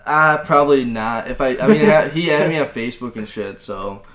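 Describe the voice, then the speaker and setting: A man's voice: medium pitch, animated, a little fast, a crowd in the background. A young man co-hosting a podcast, rambling through stories in a casual, profane way. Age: young adult. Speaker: podcast co-host. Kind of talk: casual chat.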